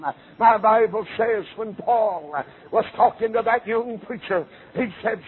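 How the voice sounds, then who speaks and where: Preacher chanting sermon, tinny audio. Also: male voice, sits high, unhurried, few pauses. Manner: chanting cadence with an "uh" before nearly every phrase. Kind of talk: revival sermon. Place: auditorium, televised service. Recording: tinny, phone-like broadcast audio.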